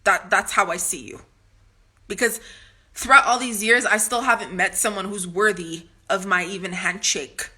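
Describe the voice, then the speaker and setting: A woman vents straight to camera in a blunt, confrontational monologue full of swearing, her sentences stopping and restarting as she pushes on. Her voice is bright and forceful. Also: mid-range voice, normal speed, breathy edge. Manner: ranting with frequent restarts. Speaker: vlogger.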